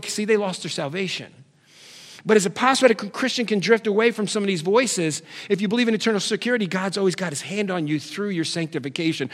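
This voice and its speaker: A man preaching a sermon, firing rhetorical questions at the congregation and swinging from loud calls to quiet, low asides, now and then putting on nagging family voices for laughs. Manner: puts on nagging family voices for comic effect. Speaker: pastor.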